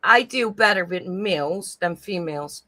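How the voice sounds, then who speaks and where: A woman's voice: lowish voice, expressive, moderate pace, bright, forceful tone, dry recording. A middle-aged woman with a Dutch accent, hosting a casual live-stream chat and reading out viewer comments. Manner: chatty, reads out viewer comments. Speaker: host.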